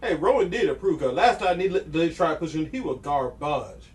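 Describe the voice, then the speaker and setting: A man co-hosting a casual podcast chat, slangy and quick to laugh. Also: on the high side, expressive, recorded from a distance. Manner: laughs often, slangy and joking. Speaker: podcast co-host.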